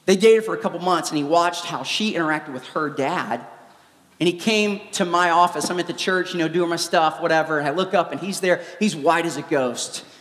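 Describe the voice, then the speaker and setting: A man, a former youth pastor, giving a live preaching talk in an animated, joking storytelling manner in a large church hall. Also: a little high, fairly quick. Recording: echoey hall with long reverb.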